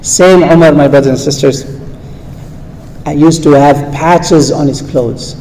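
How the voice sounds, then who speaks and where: A man preaching a sermon to an audience, telling stories with animated delivery and acting out the quoted voices. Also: on the high side, measured pace. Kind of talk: sermon storytelling. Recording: reverberant hall with faint background noise.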